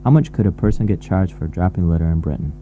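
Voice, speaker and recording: A man reading textbook task instructions in a formal, deliberate way. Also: low voice, warm tone, slight background noise, low-quality recording. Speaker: course announcer.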